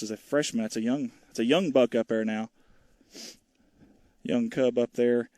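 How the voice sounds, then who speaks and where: A folksy man calls a small-town baseball game outdoors, rambling and joking with viewers between pitches. His voice sits at an everyday middle pitch and sounds a little winded. The sound is dry and close. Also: mellow, dry recording. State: out of breath. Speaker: play-by-play commentator. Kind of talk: folksy live baseball commentary.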